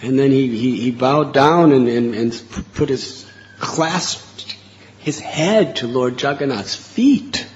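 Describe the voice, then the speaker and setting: A man preaching a sermon, telling a devotional story in an animated way. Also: medium pitch, slow pace, muffled recording, slight background noise.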